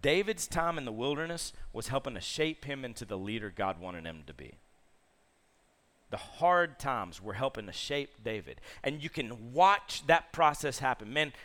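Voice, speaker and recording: A man preaching to young people as a youth pastor, telling the story in a lively, casual way and asking the audience questions. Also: medium pitch, normal speed.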